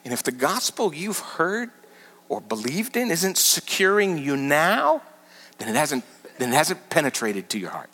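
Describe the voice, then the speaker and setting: A man preaching a sermon as pastor, teaching with animated, emphatic repetition. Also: a little high, measured pace. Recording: large hall with long reverb.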